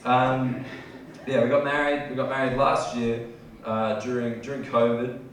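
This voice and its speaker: A young Australian man doing a stand-up set in a comedy club, brash and sweary, going from shouted bits to low, mumbled asides. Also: little pitch movement, measured pace, far from the mic. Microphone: handheld stage mic. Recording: echoey club, heard from afar, loud audience noise.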